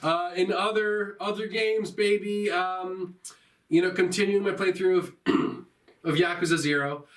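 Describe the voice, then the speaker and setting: A man's voice: high-pitched, fairly even intonation, unhurried, a bit bright, echoey room, distant mic, low-quality recording. A young man co-hosting a casual gaming podcast, who laughs often and acts out the characters in the stories he tells. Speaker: podcast co-host. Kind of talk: casual chat.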